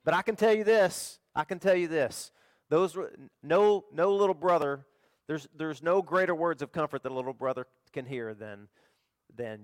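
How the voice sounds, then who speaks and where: Man, middle-aged, sermon, folksy, animated, slightly high voice, dry close sound. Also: moderate pace, no room sound. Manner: animated, swings between loud emphasis and quiet storytelling; folksy, conversational preaching. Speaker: pastor.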